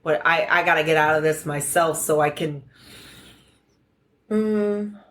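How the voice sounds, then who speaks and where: A woman from the United States telling a story on a podcast, animated and profane, acting out the dialogue as she goes. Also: low voice, a little slow, a little hiss or hum. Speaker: podcast co-host. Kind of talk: casual storytelling chat.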